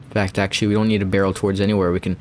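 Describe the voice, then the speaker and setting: A young man giving rambling, playful gameplay commentary, with bursts of excitement when things go his way. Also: deep voice, racing, slight background noise. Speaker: gamer.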